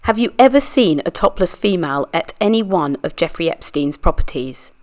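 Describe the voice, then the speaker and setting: In this read-aloud deposition reenactment, a woman with a fairly low, natural voice speaks in an animated way at normal speed. She reads for a true crime channel, playing a persistent lawyer who methodically presses a witness with questions.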